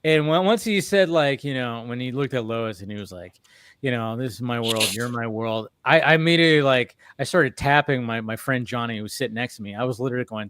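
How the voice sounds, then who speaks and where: A man hosting a casual chat, telling animated stories with frequent laughter and restarts. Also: medium pitch, fast talker, dry recording. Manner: animated storyteller, laughs often, many restarts. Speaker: podcast host.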